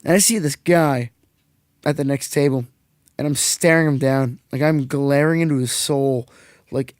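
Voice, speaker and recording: A man's voice: medium pitch, normal speed, darkish tone, dry recording, studio quality. A young man hosting a casual podcast, a profane, rambling storyteller who acts out the quotes. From Canada. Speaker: podcast host.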